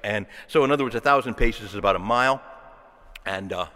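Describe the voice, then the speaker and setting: A man preaching a sermon in a church, lively and dramatic, acting out the voices he quotes and swinging from loud to hushed. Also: fairly low pitch, fairly quick, in a large hall.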